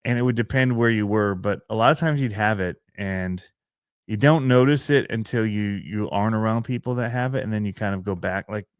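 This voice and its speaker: A middle-aged man with a Michigan accent chats casually on a podcast, rambling and laughing at himself. His voice is lowish and smooth. The sound is dry and close. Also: a little fast, dry recording. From Michigan, USA. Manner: rambling, laughs often, self-deprecating. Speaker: podcast host and RC channel creator.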